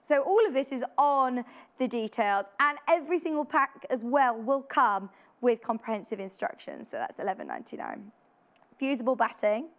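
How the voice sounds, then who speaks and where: A woman presents a live shopping segment on TV from a studio, her voice a little high. She keeps an upbeat, talkative tone and frequently asks the audience questions.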